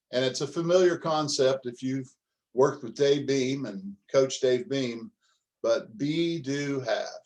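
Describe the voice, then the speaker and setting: A man's voice: mid-range voice, darkish tone, rough recording. An older man, a business coach, telling a story in a folksy, humorous way during a motivational talk.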